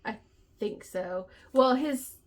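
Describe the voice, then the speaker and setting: A woman's voice: a little high, takes it slowly. A woman co-hosting a casual book chat, laughing often as she retells scenes and acts out the characters' lines. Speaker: book podcast co-host.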